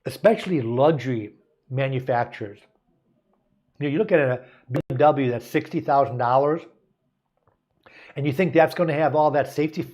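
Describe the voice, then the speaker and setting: With a mid-range, darkish voice, an American car dealer hosts a show full of casual advice. He reads aloud at times and rambles in a folksy way, taking plenty of asides and restarting often.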